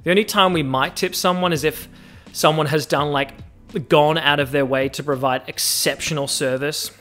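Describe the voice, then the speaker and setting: A young Australian man hosting a casual solo podcast, talking in an animated, joking way and drawing out words when he lists things. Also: a little high, normal speed, soft background music. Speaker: podcast host.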